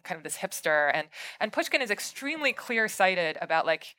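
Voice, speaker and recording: A woman's voice: mid-range voice, fairly quick. Chatty woman author talking books. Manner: chatty, full of fillers and restarts, animated retelling. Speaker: author being interviewed. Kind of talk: conversational book talk at a live event. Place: bookshop event space.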